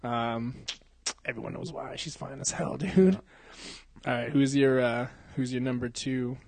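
A man's voice: medium pitch, fairly even intonation, a little slow, creaky, a little mellow, no room sound. A young man in his twenties chatting crudely on a podcast. He swears constantly, uses slang and breaks into laughter often. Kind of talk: crude casual banter.

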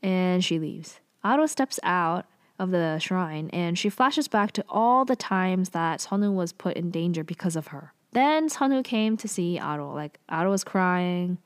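A young woman casually recapping a TV drama, chatty and full of fillers and quick asides. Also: lowish voice, expressive, clear, resonant tone, dry recording, clean studio sound.

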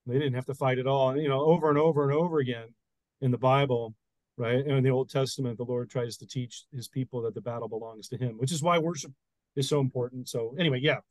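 A man's voice: medium pitch, fairly even intonation, quick pace, no room sound, poor audio. A man, a pastor and podcast co-host, explaining Bible stories in casual chat with frequent restarts.

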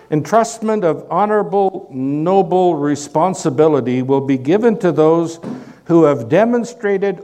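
A man with a Canadian accent, a pastor preaching a sermon full of rhetorical questions and sudden swings in loudness. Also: on the high side.

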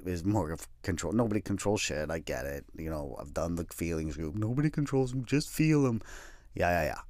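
A middle-aged man telling a personal story in a candid, wry and self-deprecating way, swearing casually and finding dark humor in grief. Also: fairly low pitch, no room sound, studio quality. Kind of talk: personal storytelling, darkly comic.

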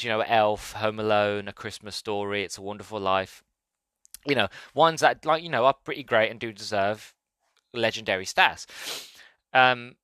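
A man's voice: medium pitch, pushed and bright, dry recording. A man hosting a podcast, chatting enthusiastically and nostalgically about a favourite film, with frequent restarts. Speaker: podcast host and movie reviewer. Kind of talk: casual solo podcast talk.

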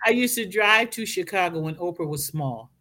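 A woman's voice: lowish voice, normal speed. A middle-aged woman with a Southern American accent, speaking as a podcast guest in a casual, motivational, preacherly way. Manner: expressive, acts out quoted speech, preacherly.

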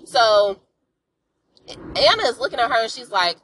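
A woman's voice: fairly high pitch, big pitch swings, measured pace, a bit bright, slight background noise, low-quality recording. A woman hosting a podcast, recapping a TV episode in a chatty, sassy way and talking straight to her listeners. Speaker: podcast host.

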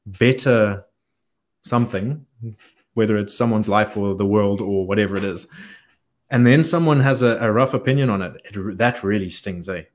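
A man's voice: on the low side, normal speed. A man in a casual podcast chat, speaking hesitantly and feeling for his words.

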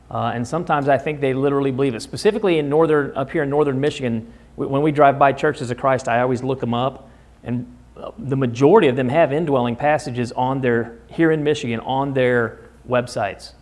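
A man's voice: medium pitch, fast. A man leading a Bible study in a church classroom, explaining passages and putting questions to the class. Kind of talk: conversational Bible study lesson. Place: church classroom in the American Midwest.

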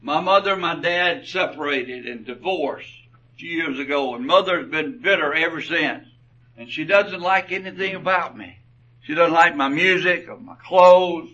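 A man's voice: a little high, unhurried, pushed and bright, distant mic, dull audio. A man voicing a frustrated teenage girl who complains about her mother, told as a story within a sermon. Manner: complaining, pleading.

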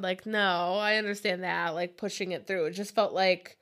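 A woman's voice: mid-range voice, normal speed, few pauses, fairly bright tone. A woman chatting loosely about a movie with a co-host, full of asides and filler words. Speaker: podcast co-host. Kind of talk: casual movie discussion.

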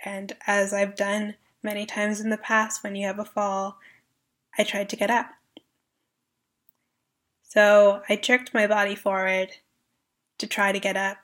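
A young woman in her twenties from Canada recounts her own story as a podcast guest. Her voice is bright and forceful, and she talks in a vivid, earnest way, acting out the lines of the people in the story. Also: medium pitch, completely flat delivery, measured pace. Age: 20s. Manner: earnest, vivid retelling with quoted dialogue. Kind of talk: personal storytelling.

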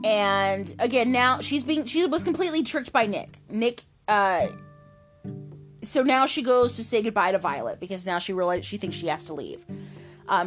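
A woman casually recapping a soap opera episode in a chatty, animated way. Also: on the high side. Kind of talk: casual chat.

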